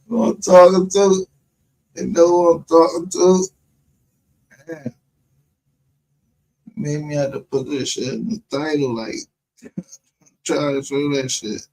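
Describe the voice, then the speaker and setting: A man's voice: on the high side, a little mellow, low-quality recording. A man hosting a livestream, rambling in casual, profane commentary and laughing often. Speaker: livestream show host.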